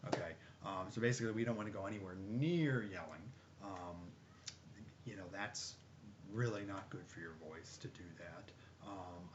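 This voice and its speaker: Low calm guy explaining voice therapy, lots of ums, dull lo-fi recording with a bit of hiss. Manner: calm, explanatory, with many fillers. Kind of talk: therapy session instruction. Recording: dull lo-fi with faint noise.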